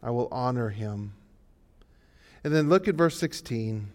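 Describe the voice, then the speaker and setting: A male pastor preaching a sermon, swinging from hushed, low passages to loud, rising exhortations. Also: lively intonation, unhurried.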